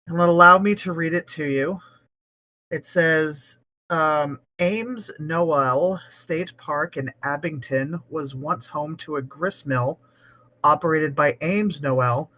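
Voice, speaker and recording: Podcast co-host, woman from New England; bright, sharp voice, giggly and joking, swears casually. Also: deep voice, slight background noise. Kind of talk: casual chat and reading a post aloud.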